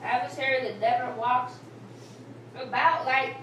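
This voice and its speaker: Woman slowly reading scripture aloud. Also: high voice, steady tone, fairly bright tone, muffled recording. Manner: slow, halting reading. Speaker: scripture reader. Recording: echoey room from far off, noisy.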